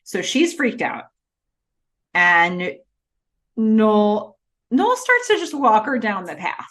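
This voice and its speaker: A woman co-hosting a casual recap podcast with a lively, swooping voice. She talks in quick bursts and jumps into the characters' lines as she retells a scene. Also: medium pitch. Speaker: podcast co-host.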